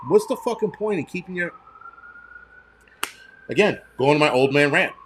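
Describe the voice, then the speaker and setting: A man's voice: on the high side, animated, fairly quick, noisy background. A man, ranting and swearing loosely on a casual livestream. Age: 40s. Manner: profane, ranting, mocking. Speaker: livestream host.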